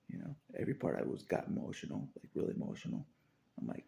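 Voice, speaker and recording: A man's voice: medium pitch, huge pitch swings, moderate pace, vocal fry, long pauses, mellow. A man talking in a rambling, confessional monologue, repeating phrases and chuckling between thoughts.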